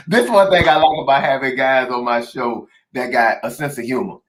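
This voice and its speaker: A man hosting a casual interview show, energetic and chatty, laughing easily with his guest. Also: mid-range voice, moderate pace. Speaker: show host.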